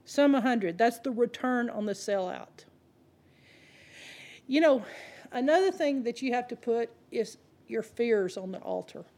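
Woman, preacher, higher-pitched voice, sermon, conversational, humorous storytelling. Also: lively intonation, a little slow, long pauses, darkish tone. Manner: conversational, addresses the congregation directly.

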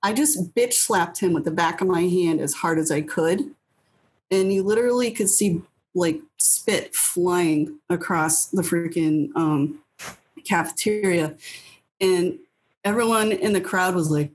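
A woman's voice: on the low side, measured pace, husky, poor audio. A woman in her thirties from New Hampshire, a guest telling casual stories in an interview in a blunt way, swearing freely and acting out her own past lines. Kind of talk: casual storytelling.

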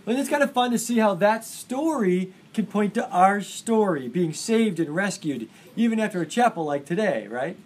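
A man's voice: high voice, lively intonation, normal speed, hardly any pauses. A man teaching an English class, enthusiastic and full of questions to his students. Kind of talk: classroom lecture.

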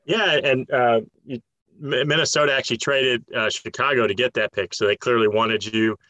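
A man's voice: medium pitch, steady tone, normal speed, bright, forceful tone, no room sound, rough recording. A man hosting an interview, asking loose, rambling questions. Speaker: interviewer, host.

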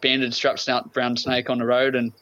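An Australian man, a podcast guest, chatting in a relaxed, easygoing way. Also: mid-range voice, normal speed, lo-fi sound. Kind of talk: casual chat.

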